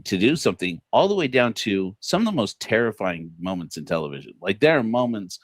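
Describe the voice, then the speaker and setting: A low-voiced man talking loosely on a livestream, full of ums, restarts and little laughs. The sound is dry and close, with no room around him. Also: sing-song, fairly quick, no room sound. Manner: rambling, many fillers and restarts, laughs at own jokes. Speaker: podcast host. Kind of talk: casual livestream commentary.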